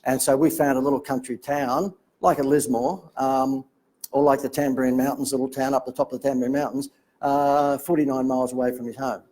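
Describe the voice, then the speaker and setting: A middle-aged Australian man telling chatty, animated anecdotes from his marketing career. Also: medium pitch, brisk, poor audio. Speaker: marketing speaker telling a story. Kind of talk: casual storytelling talk.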